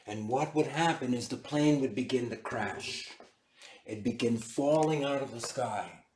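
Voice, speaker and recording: A man giving an animated, storytelling lecture to a class. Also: medium pitch, measured pace, slight background noise. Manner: animated, dramatic retelling. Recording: echoey room.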